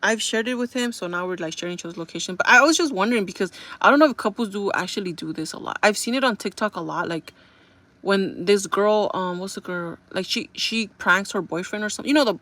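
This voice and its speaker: A woman's voice: mid-range voice, fast talker, a bit bright, no echo. A young adult woman vlogging in a casual chat, rambling through a story with lots of "like" and fillers.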